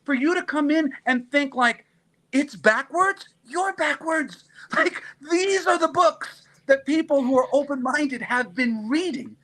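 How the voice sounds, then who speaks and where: A man's voice: extremely high pitch, lively intonation, unhurried, a bit bright. A man talking as a panel guest on a video call from outdoors on a mountain, ranting with passion and swearing freely. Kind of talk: casual panel chat.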